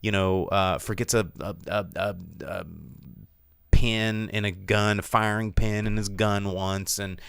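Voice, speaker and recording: A man's voice: on the low side, little pitch movement, measured pace, gravelly, a bit bright, smooth, no room sound, clean studio sound. A man hosting a podcast, reviewing a film in casual chat, rambling and sarcastic with lots of fillers and restarts.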